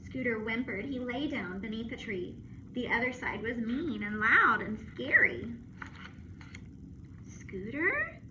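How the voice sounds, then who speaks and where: A woman teacher reading a storybook aloud to children on camera, expressive and playful with asides and sound effects. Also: fairly high pitch, normal speed. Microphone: phone or camera. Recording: muffled with steady background noise.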